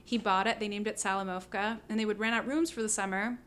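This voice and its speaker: Bright, lively woman telling stories. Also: mid-range voice, quick pace, clear, resonant tone. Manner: animated, laughing, many fillers. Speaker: guest musician. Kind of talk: casual storytelling interview.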